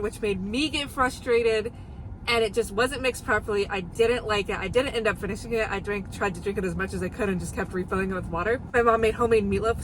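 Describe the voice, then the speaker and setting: A woman's voice: fairly high pitch, sharp tone, slight background noise, poor audio. Chatty young woman vlogging, lots of "like". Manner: chatty, rambling, heavy use of "like". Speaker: vlogger and preschool music teacher. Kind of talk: casual vlog chat.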